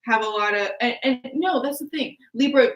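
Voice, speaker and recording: A woman's voice: on the high side, moderate pace, echoey room. A young woman co-hosting a casual astrology chat, talking in a playful way with lots of fillers. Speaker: astrologer co-host.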